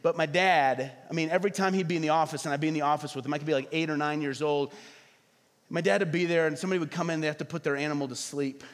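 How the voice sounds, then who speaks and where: A middle-aged man preaching a sermon as pastor, animated, often acting out quoted voices. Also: a little high, very fast. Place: church hall. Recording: reverberant hall.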